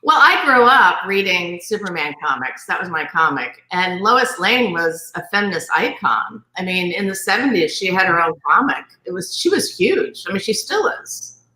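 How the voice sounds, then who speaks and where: A woman guest on a video stream, chatty and quick to laugh. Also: on the low side, sing-song, sharp tone, roomy sound, low-quality recording. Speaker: guest actor. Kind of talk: casual chat on a video stream.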